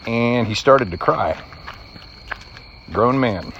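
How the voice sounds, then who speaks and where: Man, middle-aged, very deep voice, earnest reflective storytelling, faint background hiss. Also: a little slow, lo-fi sound. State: choked up. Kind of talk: personal storytelling.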